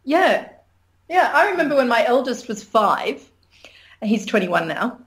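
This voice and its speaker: A woman's voice: fairly high pitch, sing-song, measured pace. A middle-aged woman, talking frankly as an interview guest and laughing often. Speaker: interview guest, sex educator. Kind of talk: candid conversational interview.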